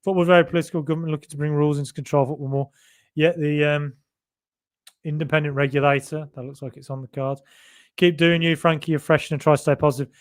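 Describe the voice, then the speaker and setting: A man's voice: fairly high pitch, flat delivery, fast talker. A man with a Birmingham accent hosting a casual live-stream podcast, chatting loosely and reading out viewer comments. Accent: Birmingham (Brummie). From Birmingham, England. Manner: chatty and rambling, with many fillers and asides. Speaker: podcast host.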